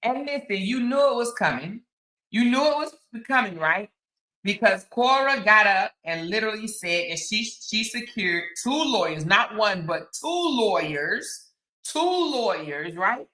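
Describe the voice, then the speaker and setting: Lady in her 50s doing a live stream, chatty, bright voice, talks right to the chat, kinda echoey room. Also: medium pitch, big pitch swings, measured pace. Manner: chatty, talks straight to viewers, reads out chat comments. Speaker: commentary live-stream host. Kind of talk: casual live-stream commentary. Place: on the outskirts of Houston, Texas.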